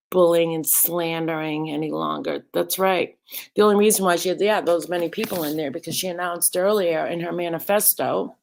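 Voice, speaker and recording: Low gravelly woman on a live stream, rambling chatty commentary, shouting out chat names. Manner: chatty, rambling, greets chat viewers by name.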